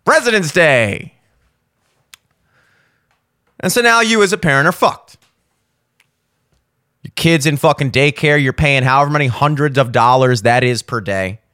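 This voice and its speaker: A man's voice: mid-range voice, lively intonation, measured pace, long pauses, pushed and bright, clear, resonant tone. A man hosting a podcast, delivering a profane, sarcastic comedic rant and acting out mock conversations. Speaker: podcast host. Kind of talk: ranting comedic monologue.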